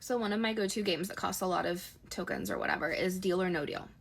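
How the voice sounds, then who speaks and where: A woman's voice: fairly low pitch, huge pitch swings, fast, vocal fry, husky. A young woman casually telling a dating story, chatty and exasperated, peppering her talk with "like". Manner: chatty, exasperated retelling with lots of "like".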